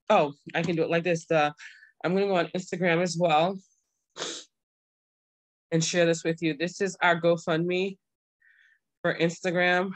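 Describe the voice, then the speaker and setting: A woman's voice: lowish voice, no echo. A young woman hosting her own livestream show, talking casually and earnestly to viewers, pleading and then overjoyed. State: pregnant. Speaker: show host.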